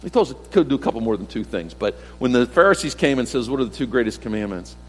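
A man's voice: expressive, fast, breathy edge. Conversational man preaching in a reverberant hall. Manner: conversational preaching with rhetorical questions and repeated phrases; swings between emphatic and soft, low delivery. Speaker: pastor. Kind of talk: sermon.

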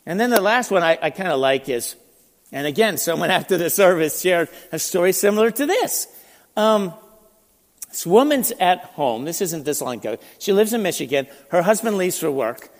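A man preaching a sermon, telling stories in an animated, conversational way with frequent restarts. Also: sits high, moderate pace, big-room sound. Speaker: pastor. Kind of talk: sermon storytelling.

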